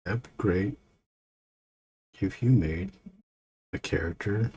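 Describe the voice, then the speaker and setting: A man's voice: low voice, slow, a little mellow, slightly rough. A man casually chatting and joking in playful, rambling tangents while he draws on his stream. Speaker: artist hosting a drawing stream. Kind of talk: casual chat while drawing.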